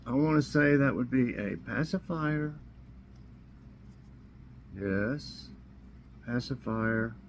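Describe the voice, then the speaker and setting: Man, slightly hoarse, slow unhurried talk, relaxed trivia chat, faint noise behind. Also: medium pitch, low-quality recording. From Tennessee. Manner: slow, easygoing, chuckles to himself. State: a little hoarse. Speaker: vlog host. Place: warm room indoors.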